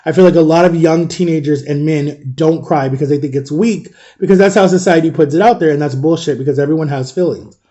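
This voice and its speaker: Man, 30s, casual storytime vlog, mellow tone, slightly high voice, quotes both sides of a conversation. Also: fast, highs cut off. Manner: animated retelling, keeps quoting both sides of a conversation. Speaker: vlogger telling a personal story.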